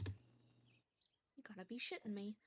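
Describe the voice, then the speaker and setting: A woman's voice: high-pitched, lively intonation, a little slow, pushed and bright, heavily acted. A woman putting on a flustered Southern caretaker. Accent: put-on Southern US. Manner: folksy, exclaiming, hesitant. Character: flustered female caretaker of children. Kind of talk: tabletop role-play.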